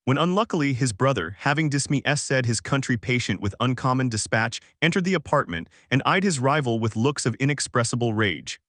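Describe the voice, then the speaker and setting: A man narrating a classic novel in an audiobook with a steady, formal reading. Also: mid-range voice, fairly quick, few pauses, no room sound, clean studio sound.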